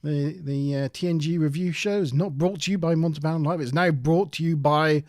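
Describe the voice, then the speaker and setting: A man co-hosting a relaxed live stream, rambling cheerfully and laughing at himself. His voice sits a little high, and the recording is dry and close. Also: normal speed, no room sound. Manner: chatty, self-deprecating, laughs often. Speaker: podcast co-host. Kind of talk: casual live-stream chat.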